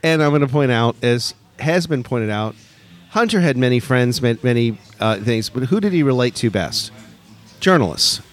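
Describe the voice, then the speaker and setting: A man adds wry comments in an interview chat. His voice sits at a middle pitch and he talks in a loose, conversational way. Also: animated, normal speed.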